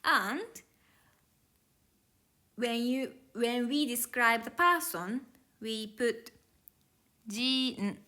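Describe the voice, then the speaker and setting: A woman's voice: on the high side, animated, extremely slow, pauses often, bright, forceful tone. A woman teaching Japanese grammar to learners, explaining each step carefully in plain, slightly non-native English.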